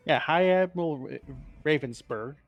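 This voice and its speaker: A man's voice: fairly high pitch, moderate pace, lo-fi sound, soft background music. A man co-hosting a casual podcast, explaining game lore in a rambling, profane way and correcting himself as he goes.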